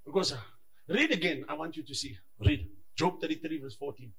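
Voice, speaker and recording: A male pastor preaching a lively sermon, moving between shouts and hushed asides and acting out conversations in his stories. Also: a little high, fairly quick. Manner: acts out dialogue in his stories.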